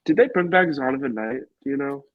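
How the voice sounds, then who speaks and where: A man's voice: medium pitch, quick pace, no echo, dull audio. A man co-hosting a podcast, chatting casually about sports and jumping in with hot takes. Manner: excitable, jumps in with hot takes. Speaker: podcast co-host.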